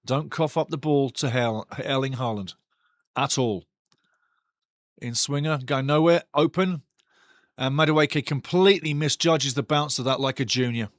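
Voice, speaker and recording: A man hosting a live football watch-along, calling the play and reading the chat in a blunt, excitable, foul-mouthed way. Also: medium pitch, a little slow, no echo, studio quality. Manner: bursts louder at big chances.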